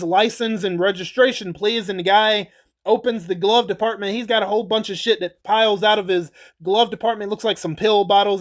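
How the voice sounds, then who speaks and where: A man's voice: sits high, a bit bright. A man casually recapping and ranking movies for his channel in a rambling, chatty way, laughing and swearing as he goes. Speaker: YouTuber reviewing movies.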